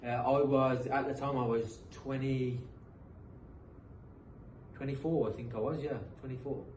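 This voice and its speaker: A man's voice: mid-range voice, steady tone, measured pace, darkish tone, recorded from a distance. A man in his thirties with a British accent that carries some American sounds. He tells his story in loose, rambling runs, restarting and repeating words. The room is echoey, he sits back from the mic, and there is faint noise behind him. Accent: British English, mixed with some American. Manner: rambling, repeats himself, frequent um and uh. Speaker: guest, professional footballer. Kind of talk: casual podcast storytelling.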